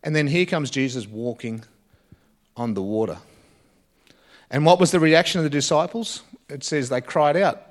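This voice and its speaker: A man delivers a sermon in an earnest, searching way. His voice sits a touch higher than most men's. He pauses often, and his phrases trail off softly at the ends. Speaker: preacher.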